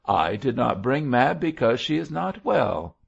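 A man's voice: medium pitch, big pitch swings, a little slow, gravelly, slightly rough, pitched above the performer's own voice, exaggerated voice. A man reading an audiobook voices an outspoken little old woman, tart and blunt. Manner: tart, speaks her mind. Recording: dull lo-fi audio.

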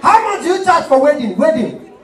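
A man voicing a brash, stingy man who haggles loudly over a wedding MC's fee. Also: very high-pitched, very animated, brisk, some chatter behind, slight background noise, voice pushed up. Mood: loud haggling. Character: excitable, penny-pinching man booking a wedding MC. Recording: roomy live stage, distant mic.

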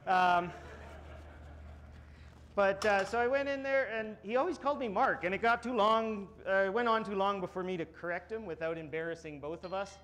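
A man's voice: high voice, normal speed, fairly bright tone, a little hiss or hum. A man giving a live blacksmithing demonstration, joking and rambling with plenty of fillers. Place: smithing conference demo area.

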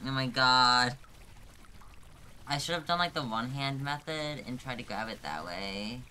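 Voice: mid-range voice, unhurried, pushed and bright, slight background noise. A live streamer commenting on a hard climbing game, exasperated and self-mocking, joking about being about to cry.

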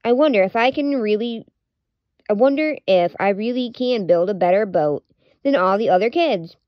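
A woman voicing a boastful, snippy young male horse in a slightly lower voice. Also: lively intonation, normal speed, no echo, lo-fi sound, lightly acted. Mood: worried.

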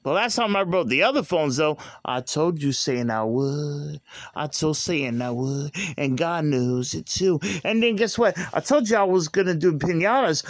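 A man's voice: a little high, no echo. A man in an aggrieved, repetitive rant, recorded on a phone. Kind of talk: angry rant to camera.

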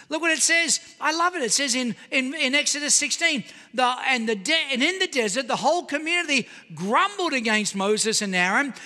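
A man preaching a sermon as pastor, animated and calling out to his congregation. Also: very high voice, big-room sound. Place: church auditorium.

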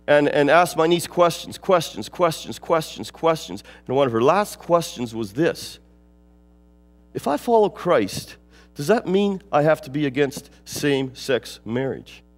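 High-voiced man preaching in a hall. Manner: emphatic, repeats phrases, rises and falls in pitch. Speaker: pastor. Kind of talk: sermon. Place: church sanctuary.

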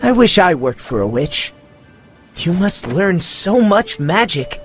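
Friendly curious boy, voiced by a woman, lively lilting voice, soft music behind. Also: on the low side, slow, voice pushed down. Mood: eager. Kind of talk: storybook voice acting.

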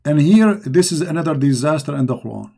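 A man hosts a live online discussion in a mocking, emphatic manner, hammering the same points again and again. His voice sits fairly high yet sounds mellow and warm. His English grammar is not native. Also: expressive, fairly quick, vocal fry. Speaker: online debate host.

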